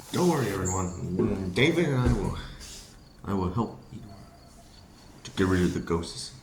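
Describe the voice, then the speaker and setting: A man voicing several characters in a homemade train drama, switching voices and often frantic and shouting. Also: low voice, expressive, a little slow, pauses often. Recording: roomy echo with loud background noise.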